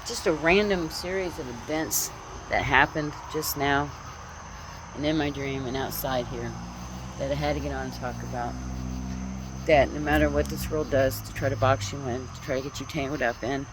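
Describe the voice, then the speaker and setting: A woman's voice: rumbling low, noisy background. A woman vlogger telling a dream and giving spiritual encouragement in a rambling, earnest way, repeating her phrases, speaking outdoors on her porch at night into a phone. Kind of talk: casual storytelling monologue. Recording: crickets and insects chirping outdoors. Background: crickets, insects, passing vehicles.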